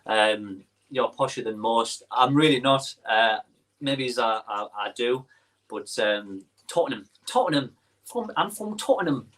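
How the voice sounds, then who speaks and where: A man's voice: mid-range voice, a little slow, a bit bright. Chatty northeast English young man. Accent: Teesside English. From northeast England. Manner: chatty, reads comments aloud, lots of ums. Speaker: livestream host. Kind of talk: casual livestream chat.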